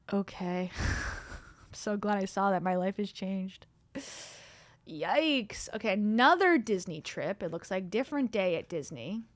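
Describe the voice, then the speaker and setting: A woman's voice: mid-range voice, lively intonation, measured pace, a bit bright, dry recording. A woman livestreaming from home, reacting to videos with sarcastic, mocking commentary and chatty asides. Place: home room. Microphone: desktop streaming mic.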